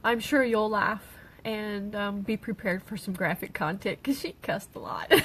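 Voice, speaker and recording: A middle-aged woman, tearful, speaking haltingly on an emotional personal livestream as a grieving mother. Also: medium pitch, fairly bright tone, husky, low-quality recording. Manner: halting, with pauses and restarts. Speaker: grieving mother sharing her daughter's story.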